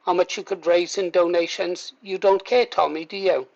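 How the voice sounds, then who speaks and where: A man's voice: high-pitched, fairly even intonation, moderate pace, vocal fry, dull audio. A man hosting a reaction video, mocking and heckling a played clip with sarcastic asides. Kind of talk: commentary over a played clip.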